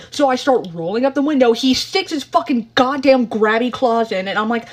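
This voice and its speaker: Young woman ranting a storytime, lots of cussing, kinda high voice. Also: lively intonation, fairly quick, hardly any pauses. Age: young adult. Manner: profane, exasperated storytelling with lots of swearing. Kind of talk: casual storytime vlog. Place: parked car.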